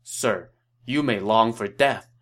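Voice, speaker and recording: A man's voice: lowish voice, slow pace, fairly bright tone. A man voicing a cunning, commanding male warlord, read as quoted dialogue in an audio story. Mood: wry.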